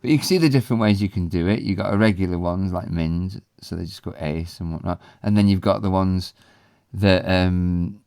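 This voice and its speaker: A man teaching a language in a relaxed, explanatory way, pausing often with ums. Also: low-pitched, smooth, dry recording, clean studio sound. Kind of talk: casual spoken lesson.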